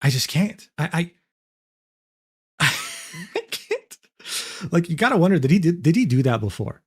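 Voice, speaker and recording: Young male streamer, animated mid-range voice, incredulous and profane. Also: fairly high pitch, moderate pace, slightly rough. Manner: incredulous, swearing, laughs often. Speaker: streamer reacting to a clip. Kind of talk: casual reaction commentary.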